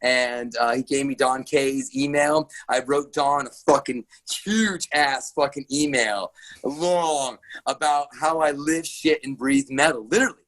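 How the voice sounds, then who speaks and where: A middle-aged man from Arizona, a radio DJ, telling stories in a casual podcast interview, excitable and swearing constantly. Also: medium pitch, measured pace. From Arizona, USA. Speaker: radio DJ and guest.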